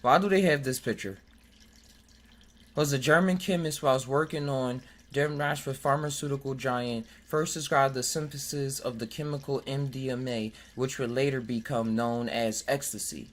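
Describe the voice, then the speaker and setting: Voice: medium pitch, fairly even intonation, normal speed. A podcast host in casual chat who jokes, laughs often, reads articles aloud and stumbles over words.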